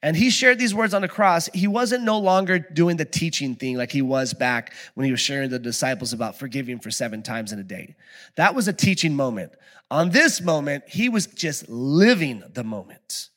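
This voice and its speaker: Delivering a conversational sermon, a middle-aged pastor alternates between soft reflection and lively, loud storytelling. He talks at a normal speed with a somewhat high voice.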